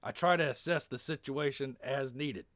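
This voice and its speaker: A man's voice: medium pitch, normal speed, fairly bright tone, no echo, pitched above the performer's own voice, close to an everyday voice. A man voicing a stoic, scarred army lieutenant in a put-on Texan accent, speaking earnestly.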